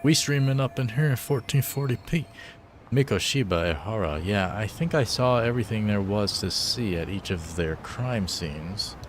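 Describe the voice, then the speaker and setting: A man's voice: fairly low pitch, animated, moderate pace, slight background noise. A man joking loosely in slang while live-streaming a game. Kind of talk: casual live-stream commentary.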